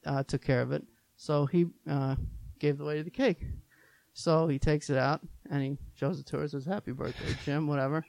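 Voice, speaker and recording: A man's voice: on the high side, creaky, no room sound. A man from Long Island, a podcast guest, telling stories in casual chat, rambling with lots of "like" and acting out the voices of the people in his anecdotes. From Long Island, New York. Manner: rambling, peppered with "like". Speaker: podcast guest, business owner.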